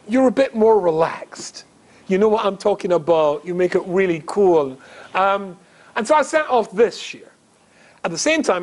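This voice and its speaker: A middle-aged man from Scotland, a rabbi giving a humorous storytelling talk, chatty and self-mocking, asking the audience questions. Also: sits high. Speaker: rabbi, guest speaker.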